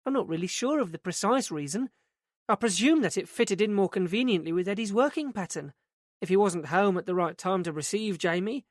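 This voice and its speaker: A man's voice: high voice, animated, brisk, no echo, clean studio sound, voice pushed up. A man voicing a flustered middle-aged woman who runs a day centre, in a raised, fluttery voice. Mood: brisk. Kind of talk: audiobook character reading.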